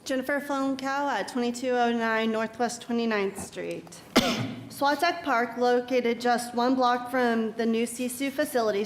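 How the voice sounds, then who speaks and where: A woman reading a prepared statement in a measured, formal way during public comment, recorded in an echoey council chamber. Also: fairly high pitch, slight background noise. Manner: measured, formal, reads with small stumbles.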